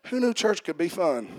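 A man preaching a sermon as pastor, swinging from quiet joking asides to shouted preaching and calling out to the congregation. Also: high-pitched, dry recording. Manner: talks back and forth with the congregation. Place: church service.

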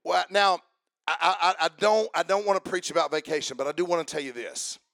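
A pastor preaching a sermon, folksy and repetitive, asking the congregation for amens and building to rhythmic shouting. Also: male voice, fairly high pitch, brisk, creaky, dry recording, clean studio sound.

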